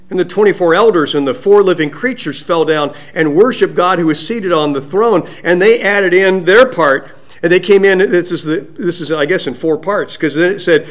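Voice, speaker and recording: A male pastor preaching a sermon to his congregation, slow and deliberate, rising in emphasis as he reads scripture. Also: high-pitched.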